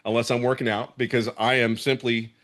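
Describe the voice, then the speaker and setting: Middle-aged man from Philadelphia, average pitch; emphatic, repetitive, fired-up testimonial. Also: level tone, brisk, a bit bright. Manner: emphatic, repeats himself, fired up. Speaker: student sharing a testimonial. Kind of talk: casual spoken testimonial.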